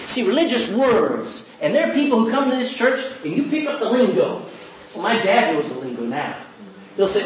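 A man preaching a sermon as pastor, animated, slipping into quick voices for the people he mimics. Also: high-pitched, slight background noise. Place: church. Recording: echoey church hall, distant mic.

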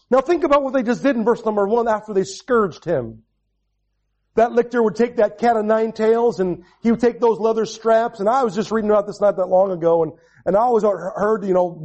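A man in his forties preaching a sermon, repeating and restarting phrases, moving from quiet storytelling to raised proclamation. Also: high-pitched. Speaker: pastor.

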